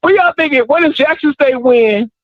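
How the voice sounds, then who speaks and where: A man calls in to a sports talk show, rambling in an easygoing way. His voice sits high. The call comes through a muffled, dull phone line. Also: moderate pace, no room sound. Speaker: caller.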